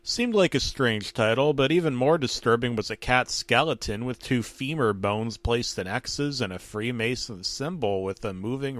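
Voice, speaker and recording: A man narrating a comedic creepypasta in a deadpan, mock-serious horror tone. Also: medium pitch, normal speed, hardly any pauses, dry recording.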